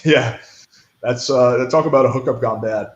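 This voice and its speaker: In an echoey room, with the highs cut off, a young man with a mid-range voice speaks at normal speed. He recounts a story in a relaxed interview, bluntly and profanely, full of "like" and "right."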